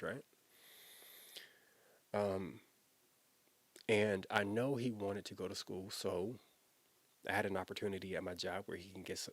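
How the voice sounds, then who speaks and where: A former youth pastor tells a personal story in an earnest, emotional, conversational way, often repeating himself. His voice is low and a bit bright.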